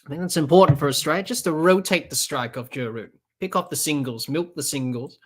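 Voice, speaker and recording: A podcast host narrates a cricket match play by play, off the cuff, stumbling through fillers and restarts. He talks fairly quickly in a voice on the higher side.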